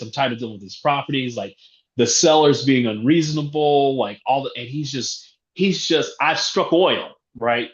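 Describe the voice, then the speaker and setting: A man tells a lively story from the front of an event room, acting out both sides of a phone call and laughing now and then. His voice sits at an ordinary pitch and echoes around the room. The sound is a bit dull and lo-fi. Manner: animated storyteller, acts out phone calls, laughs often. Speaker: real estate investor. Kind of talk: conference talk storytelling.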